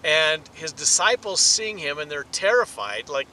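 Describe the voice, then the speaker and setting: A man teaching a sermon, animated, his voice rising for emphasis. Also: moderate pace, a little hiss or hum, rough recording. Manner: animated, rises in pitch and volume for emphasis. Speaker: pastor.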